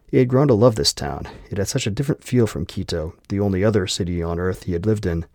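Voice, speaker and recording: Low-voiced male audiobook narrator. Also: quick pace, a little mellow, no room sound, studio quality.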